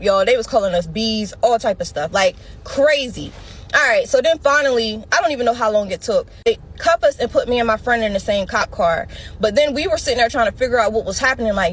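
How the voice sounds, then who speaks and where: A woman's voice: on the high side, animated, fairly quick, breathy edge. A woman in her thirties telling a personal story with dramatic slang, talking straight to her listeners. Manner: breathless, dramatic retelling with slang and direct address. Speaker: storyteller in a clip being reacted to.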